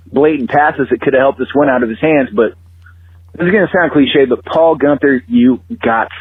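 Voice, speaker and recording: A man calls in over a thin, tinny phone line, his voice husky and a little rough. He rants bluntly and profanely, hammering home each complaint about the team. The line squeezes his voice down to a narrow band. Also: medium pitch. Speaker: phone-in caller. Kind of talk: phoned-in fan rant.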